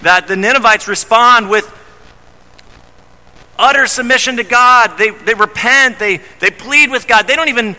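A male pastor delivers a sermon in a high, very bright voice, pressing his points with emphasis and often restarting his phrases. His voice rings out in a church hall with a long reverb trailing behind it. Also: moderate pace. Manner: emphatic, repeats words when starting phrases.

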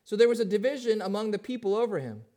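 A pastor preaching a sermon in a high-pitched male voice. He poses questions to his listeners and moves between quiet, drawn-in passages and louder, emphatic ones. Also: big pitch swings, fast talker. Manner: asks the congregation questions, swings from hushed to emphatic.

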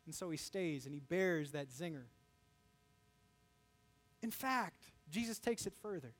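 A man preaching a sermon in a high, bright register. He talks in an animated way and briefly acts out the voices he quotes, then drops back into teaching. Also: unhurried, soft background music. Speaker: pastor.

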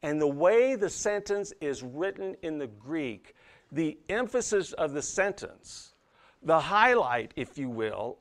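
Animated preaching man. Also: a little high, measured pace. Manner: animated preaching with rhetorical questions to the congregation. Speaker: pastor. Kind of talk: sermon.

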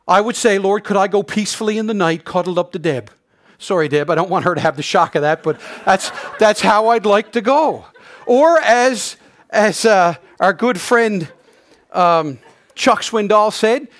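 A man's voice: high voice, a bit bright. A middle-aged man from Canada preaching a sermon with earnest conviction and wry asides. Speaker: pastor.

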